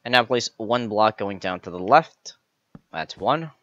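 A man's voice: on the low side, animated, a little slow, fairly bright tone, dull audio. A man hosting a step-by-step game building tutorial, methodically counting each block aloud as he places it. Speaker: tutorial host.

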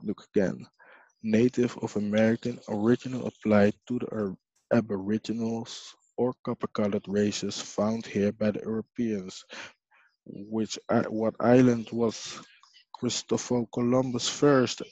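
A man from Haiti hosting a video, casually reading dictionary definitions aloud in a rambling, halting way with frequent apologies. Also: fairly low pitch, flat delivery, mellow, no room sound. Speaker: video host. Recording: dull lo-fi sound.

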